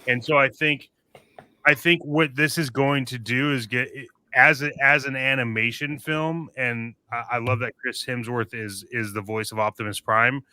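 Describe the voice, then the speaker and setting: Guy with a really bright crisp voice, dry mic, chatty podcast talk, keeps restarting. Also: medium pitch, steady tone, dry recording. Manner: quick, agreeable, restarts sentences. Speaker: podcast co-host. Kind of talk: casual group chat.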